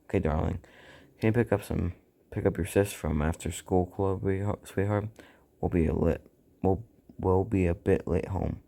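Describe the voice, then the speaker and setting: Protective, gentle middle-aged mother read by a man, low, gravelly, dark. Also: fairly even intonation, moderate pace. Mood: tender.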